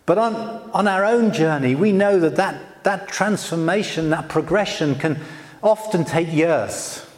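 A male preacher giving a gentle, conversational sermon, with frequent "you know" asides. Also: a little high, expressive, unhurried, big-room sound.

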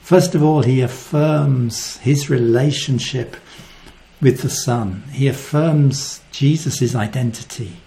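A man preaching a sermon, earnest and reflective, often dropping to a soft voice. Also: medium pitch, takes it slowly, gravelly.

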